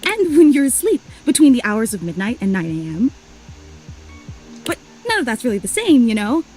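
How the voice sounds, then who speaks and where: Fantina, a clingy, weepy superfan. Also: female voice, a little high, sing-song, normal speed, darkish tone, soft background music, poor audio. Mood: adoring. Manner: gushing, tearful, breathless apologies. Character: overly emotional, clingy, obsessive female superfan. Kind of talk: video game voice acting.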